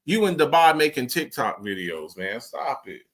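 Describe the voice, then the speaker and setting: A man's voice: mid-range voice, normal speed. A man on a late-night sports talk show, arguing emphatically and repeating his points. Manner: animated, emphatic, repeats himself. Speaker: show regular.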